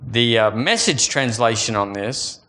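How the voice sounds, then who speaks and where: A man preaching a sermon in a folksy, animated way, repeating phrases and rising into bursts. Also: mid-range voice, measured pace. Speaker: pastor.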